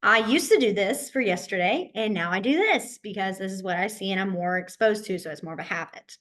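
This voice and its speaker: A woman with a mid-range, slightly bright voice teaches a sign language class over a video call, sounding animated and a little fast. She patiently walks through the signs and often checks in with "okay?" as she instructs online.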